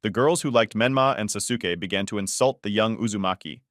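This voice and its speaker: A man reads a fan story aloud in a flat, even narration. His voice sits low and the sound is dry, with no room around it. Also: fairly quick, no echo.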